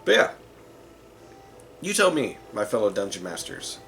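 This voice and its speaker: Over soft background music, a man with a fairly low, bright-toned, very animated voice speaks at normal speed. He hosts a tabletop gaming channel and chats casually to camera about running games, rambling a little with likes and uhs.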